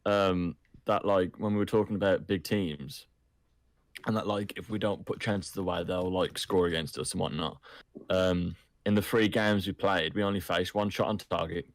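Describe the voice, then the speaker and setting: A man's voice: sits low, fairly even intonation, normal speed, no room sound. A man co-hosting a casual football podcast over an online call, insistent and keen to move the talk along. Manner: insistent, keeps steering the talk on. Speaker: podcast co-host.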